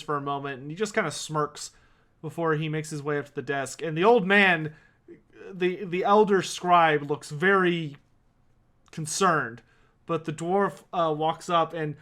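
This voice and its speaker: A man running a tabletop game as game master, narrating in a relaxed way full of ums and uhs. His voice is bright and forceful, sitting a bit high for a man. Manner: relaxed, filler-laden narration.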